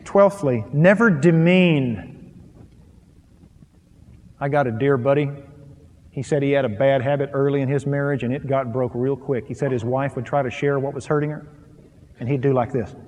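A pastor preaching a sermon on marriage to a live audience, emphatic and animated, swinging between loud and soft. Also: male voice, medium pitch, brisk. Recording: long reverb of a large hall.

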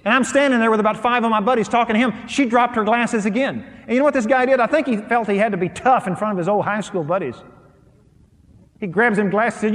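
A pastor preaching a sermon on marriage to a live audience, emphatic and animated, swinging between loud and soft. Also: male voice, extremely high pitch, a little fast. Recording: long reverb of a large hall.

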